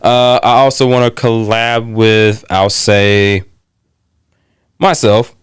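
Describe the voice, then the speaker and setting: A man's voice: fairly low pitch, little pitch movement, clear, resonant tone, no room sound, clean studio sound. A young man guesting on a podcast as a gaming creator, earnest and plain-spoken in casual chat. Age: young adult. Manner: earnest, plain-spoken slang, halting restarts.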